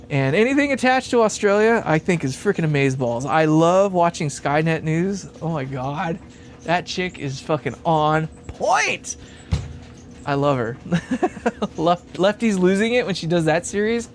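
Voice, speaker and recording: A man's voice: fairly high pitch, a little hiss or hum. A man hosting a casual livestream while building a guitar amp, rambling, laughing often and swearing freely.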